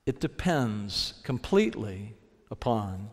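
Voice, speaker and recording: A man giving a sermon, telling a story reflectively and slowing down to stress key phrases. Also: fairly low pitch, very animated. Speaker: preacher. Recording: long reverb of a large hall.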